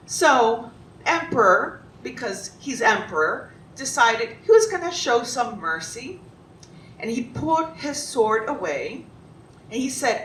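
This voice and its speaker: Animated woman telling a children's story. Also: slow. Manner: animated, asks the children questions. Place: congregation hall. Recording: roomy, distant, faint rumble.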